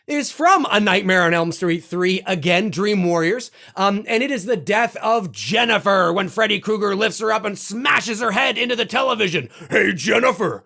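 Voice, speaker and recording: A man with a high, gravelly voice talks casually to camera. He is animated and excitable, tossing in swear words and acting out bits with sudden loud bursts. His tone stays bright and forceful. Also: normal speed, few pauses. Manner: animated, swears freely, acts out quotes with loud outbursts. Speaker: YouTube host ranking horror kills.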